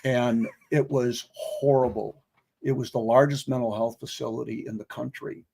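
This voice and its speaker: An older man with a gravelly, creaky voice, recalling his past in a relaxed interview. He rambles from one memory to the next at an easy, conversational pace. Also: mid-range voice, normal speed. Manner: rambling storyteller. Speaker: guest, veteran. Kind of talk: casual interview.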